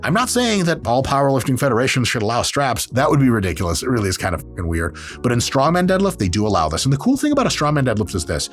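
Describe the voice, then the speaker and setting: Man, exercise scientist host, casual comedic commentary, sarcastic, swears a lot, mid pitch, faint music. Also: very animated, fast. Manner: sarcastic, joking, swears freely.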